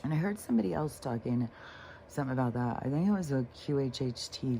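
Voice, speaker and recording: This spiritual vlogger has a rumbling low, dark voice with vocal fry and lively intonation, recorded with a slight hiss or hum. She speaks slowly and casually, unscripted, about healing and letting go, rambling, swearing in passing, and often starting her sentences over.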